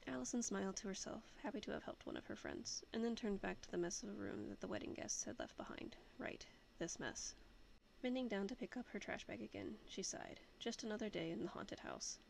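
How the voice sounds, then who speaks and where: A woman reading fan fiction aloud as a podfic, in a steady narrating voice. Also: medium pitch, fairly quick, gravelly, slight background noise. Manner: casual, friendly sign-off. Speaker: podfic reader.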